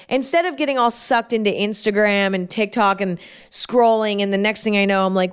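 A woman hosting her own show, talking alone in a chatty, rambling way with quick self-deprecating asides. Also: mid-range voice, clear, resonant tone. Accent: put-on New York twang at times. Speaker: podcast host. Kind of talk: casual solo chat.

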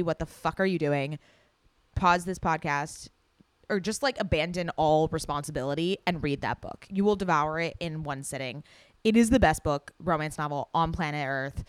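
A young woman hosting a solo podcast, chatting excitedly and gushing, with casual swearing. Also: sits low, smooth, no echo. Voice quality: loud. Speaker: podcast host.

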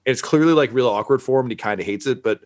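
A man's voice: mid-range voice, racing, darkish tone. A man narrating as game master in a rambling, profane, casual way.

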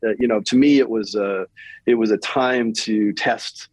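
A middle-aged man with a light Southern Kentucky accent, a company president speaking as a guest in a relaxed interview, often restarting and repeating his words. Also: on the low side, normal speed, no echo, poor audio. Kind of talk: casual interview conversation.

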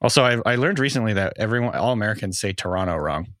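A man co-hosting a casual sports podcast, explaining player news in a relaxed, chatty way. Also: fairly low pitch, fast talker, no echo, clean studio sound. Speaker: podcast co-host, fantasy analyst.

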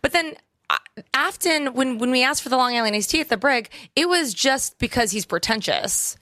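A woman co-hosting a podcast, chatting casually and telling stories in an animated way. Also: sits high, moderate pace, dry recording, clean studio sound. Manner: chatty storyteller, animated retelling. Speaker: podcast co-host. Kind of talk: casual chat.

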